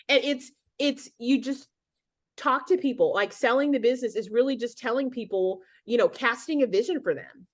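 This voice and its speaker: A woman's voice: a little high, moderate pace. Chatty, rambling middle-aged woman. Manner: chatty and rambling, with many restarts. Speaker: guest speaker on a sales team call. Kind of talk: casual motivational talk.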